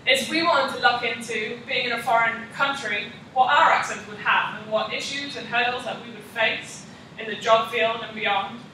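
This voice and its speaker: Bright young woman presenting in echoey room. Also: fairly high pitch, moderate pace, a little hiss or hum. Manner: reads prepared slides, frequent ums. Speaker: student presenter. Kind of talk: class presentation practice. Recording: echoey room, mic far off.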